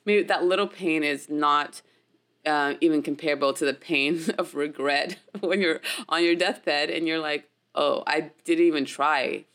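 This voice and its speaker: A chatty American actress tells her story in a relaxed interview. Her voice sits a bit low, and she breaks into laughter often and leans on fillers as she talks. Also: normal speed. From United States.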